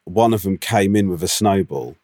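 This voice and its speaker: Low-pitched male podcast co-host, casual and chatty, swears. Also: expressive, normal speed, darkish tone. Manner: chatty, swears, repeats words when starting sentences. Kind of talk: casual chat.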